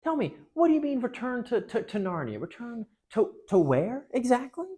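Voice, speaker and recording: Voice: medium pitch, very animated, normal speed, warm tone, voice pushed up, close to an everyday voice. A storyteller voicing a sly wicked queen who speaks in a fake-sweet, sugary way. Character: sly, scheming wicked queen with a false smile.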